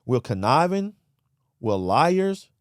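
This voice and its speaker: A man's voice: mid-range voice, sing-song, slow, no room sound, clean studio sound. A man as a podcast guest, telling his personal story with emotion and often calling the host "man" and "brother".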